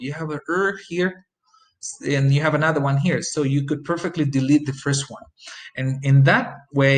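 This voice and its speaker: A man giving a recorded pronunciation lecture in a medium-pitched voice. He explains step by step, often pausing to repeat example words slowly and carefully. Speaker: pronunciation teacher.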